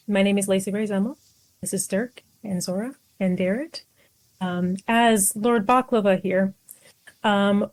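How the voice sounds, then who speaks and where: A woman's voice: mid-range voice, a little mellow, poor audio. A woman player speaking in character in a tabletop game, sassy with hesitant fillers.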